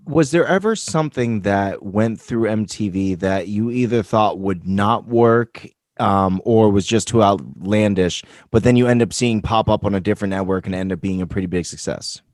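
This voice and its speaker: A man's voice: lowish voice, normal speed, hardly any pauses, a little mellow, no room sound, studio quality. A man co-hosting a podcast, chatting in a brash, joking way and mimicking people. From United States. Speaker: podcast co-host. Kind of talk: casual chat.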